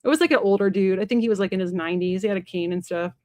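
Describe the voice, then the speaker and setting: A woman's voice: mid-range voice, racing, darkish tone, dry recording. Chatty woman on a dry livestream mic. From Kansas. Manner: chatty, rambling, with many fillers and asides. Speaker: tarot reader hosting a livestream. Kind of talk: casual livestream chat.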